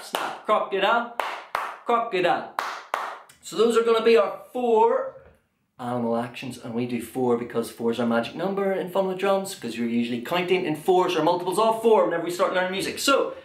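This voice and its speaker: A young man leading a kids' drum lesson, chanting call and response in a playful, sing-song way. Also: high-pitched. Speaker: children's drum workshop leader. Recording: echoey room with drum music. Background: drum and percussion beat.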